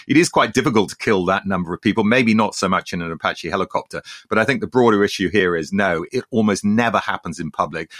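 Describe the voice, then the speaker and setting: A British man, a historian co-hosting a podcast, talking in a brisk, confident and analytical way. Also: sits low, fairly bright tone, no echo, studio quality. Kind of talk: conversational history podcast chat.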